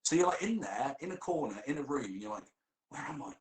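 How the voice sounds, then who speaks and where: Animated man telling a story. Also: medium pitch, quick pace, roomy sound, low-quality recording. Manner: animated, swears a lot, laughs while telling. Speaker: role-play player. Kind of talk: casual comic storytelling.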